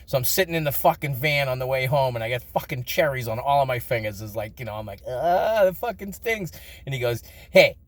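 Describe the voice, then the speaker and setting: A man's voice: medium pitch, fast talker, hardly any pauses, no room sound. A man telling crude, funny childhood stories in a casual vlog, swearing often and laughing between lines. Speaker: storyteller.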